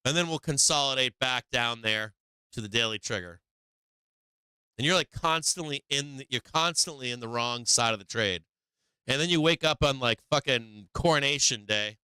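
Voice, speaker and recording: Profane, animated man hosting live trading. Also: medium pitch, moderate pace, clean tone, no echo. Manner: profane, animated, laughs often, acts out the market. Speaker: livestream trading show host. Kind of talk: live market commentary.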